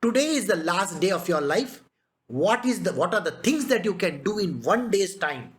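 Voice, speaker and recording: A man's voice: sits high, animated, moderate pace, fairly bright tone. A man giving a spiritual discourse as a teacher, telling stories and firing rhetorical questions at his listeners. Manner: emphatic, rhetorical questions, storytelling.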